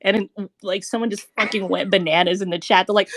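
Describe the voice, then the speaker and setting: A young woman hosts a loose live audio chat show. She laughs often and swears freely. Her voice sits at a middle pitch, and the sound is dry and close. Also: moderate pace, a bit bright, no room sound. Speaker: podcast host.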